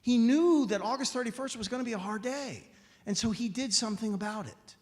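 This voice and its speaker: A man's voice: extremely high pitch, fairly quick, a little mellow. Man telling a story in a reverberant hall. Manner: storytelling, acts out dialogue, emphatic pleading. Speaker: guest speaker. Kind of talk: inspirational talk. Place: church sanctuary.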